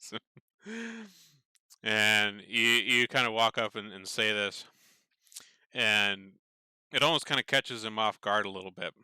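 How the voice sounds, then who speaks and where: A man's voice: on the low side, expressive, slow pace, long pauses, sharp tone, clear, resonant tone, dry recording. A man narrating a tabletop game as game master, meandering, with many fillers and restarts.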